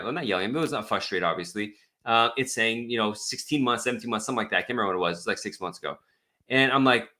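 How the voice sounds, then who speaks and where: A man's voice: mid-range voice, expressive, fast, bright, forceful tone. A man who is an immigration attorney answers viewer questions on a live stream in a blunt, exasperated, rambling way.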